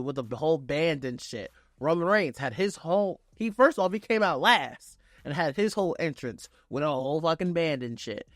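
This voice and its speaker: A man's voice, pitched a bit higher than most, rattles through a wrestling recap with swearing and rising excitement. The sound is dry and close, with almost no room around it. His telling runs like hyped play-by-play with a casual edge. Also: no room sound. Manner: excitable, profane play-by-play retelling. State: on vacation. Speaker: wrestling reviewer. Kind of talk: casual reaction review.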